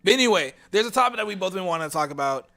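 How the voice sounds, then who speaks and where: Young male co-host, bright high voice, playful casual banter. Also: expressive, creaky. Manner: giggly, playful, quick to laugh. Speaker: podcast co-host. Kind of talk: casual chat.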